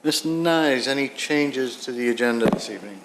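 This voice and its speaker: A man chairing a village plan commission meeting, brisk and procedural. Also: mid-range voice. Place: village council chamber.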